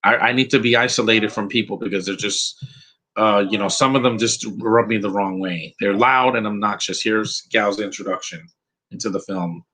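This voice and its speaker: A man talks over a movie in a casual, rambling live commentary. His voice sits a little low but sounds bright and sharp. He is opinionated and often restarts his sentences. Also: normal speed, low-quality recording. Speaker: film commentator.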